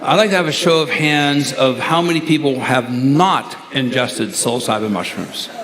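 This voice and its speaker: A man's voice: medium pitch, normal speed. A man from Ohio gives a talk to a large live audience, telling stories with chuckles and hesitations. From USA (Ohio). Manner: chuckling, rambling storyteller with hesitations. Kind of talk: anecdotal lecture to a live audience. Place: large lecture hall with hundreds of people. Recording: noisy live talk recording.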